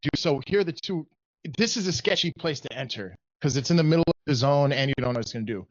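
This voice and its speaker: A man's voice: mid-range voice, lively intonation, fast talker, no room sound. A man in a casual trading livestream, walking through his chart loosely and swearing now and then. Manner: loose, swears freely, thinks aloud. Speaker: day trader sharing his chart. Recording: dull lo-fi dry call audio.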